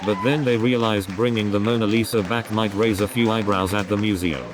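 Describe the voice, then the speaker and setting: A man's voice: fairly low pitch, moderate pace, few pauses. A man doing a stand-up comedy routine, rambling through setups and repeating his catchphrases. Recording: crowd noise behind the voice.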